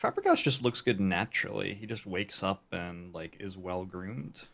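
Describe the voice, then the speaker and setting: A man playing a tabletop game, explaining his character in a relaxed, casual way. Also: low-pitched, normal speed, creaky. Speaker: player.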